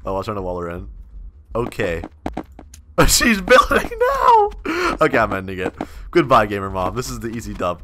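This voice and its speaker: A young man giving excitable gameplay commentary as a gaming video host, swinging between mumbled asides and loud outbursts. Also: medium pitch. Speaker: gaming YouTuber.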